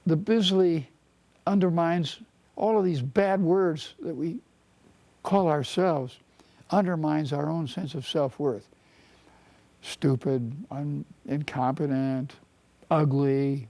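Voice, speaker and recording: Male therapist lecturing on self-worth, earnest and repetitive, voice a little high but mellow. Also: vocal fry. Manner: earnest, repeats phrases, slows for emphasis. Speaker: marriage and family therapist. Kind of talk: teaching talk on self-esteem.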